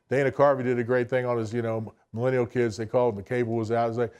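A man's voice: mid-range voice, level tone, fast, few pauses, a little mellow, clean tone. A man, giving a blunt, folksy motivational talk to an audience. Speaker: business speaker addressing an audience. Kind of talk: motivational speech.

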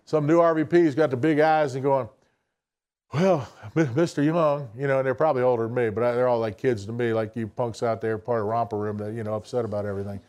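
A man's voice: mid-range voice, level tone, fast, hardly any pauses, darkish tone, clean tone. A man, giving a blunt, folksy motivational talk to an audience. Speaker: business speaker addressing an audience. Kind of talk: motivational speech.

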